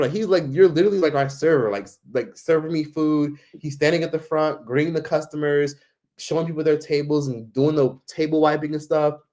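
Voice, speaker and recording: A man telling a travel story in a casual, rambling way, full of fillers and swearing. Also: medium pitch. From United States. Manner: rambling, heavy on fillers and profanity. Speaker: travel vlogger.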